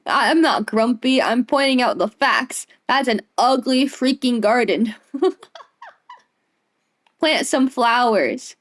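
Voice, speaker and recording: A woman's voice: high-pitched, drawn-out words, long pauses. A young woman streamer giving casual, playful gameplay commentary, giggling often and rambling.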